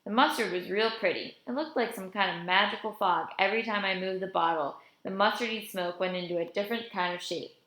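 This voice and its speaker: A woman reading a children's novel aloud in a steady first-person storytelling voice. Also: mid-range voice, a little fast, few pauses. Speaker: audiobook reader. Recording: roomy echo.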